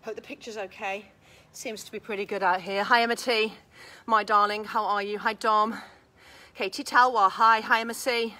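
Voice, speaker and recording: A woman's voice: medium pitch, steady tone, moderate pace, sharp tone. A woman leading a live workout class, counting reps, cueing moves and encouraging everyone while a bit out of breath. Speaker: fitness instructor. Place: outdoors.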